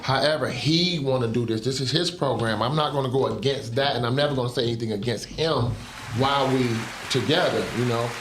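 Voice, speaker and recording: A man's voice: mid-range voice, brisk, a bit bright. A man co-hosting a podcast, talking in a laid-back, conversational way. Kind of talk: casual podcast chat. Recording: echoey room, faint noise.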